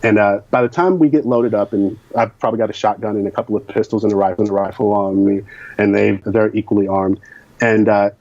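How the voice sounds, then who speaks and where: A man's voice: lowish voice, steady tone, quick pace, a little mellow, no room sound. A man from Kentucky who frankly recounts his personal experiences as an interview guest, recorded in a dull lo-fi sound. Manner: candid and frank.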